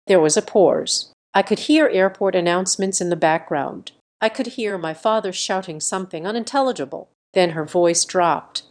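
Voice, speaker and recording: A young adult woman giving a scripted first-person story narration in measured, steady, clipped sentences. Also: on the low side.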